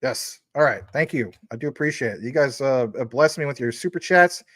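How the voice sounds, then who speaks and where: With lively intonation and a slightly quick pace, a forty-something crypto streamer chats aimlessly, leaning on fillers while he reads and acknowledges super chats. His medium-pitched voice is a bit bright, and the recording has no room sound.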